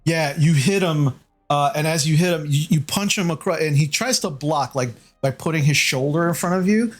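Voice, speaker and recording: A man's voice: on the high side, moderate pace, soft background music. A man narrating as game master in a casual tabletop game, describing the action loosely with many fillers.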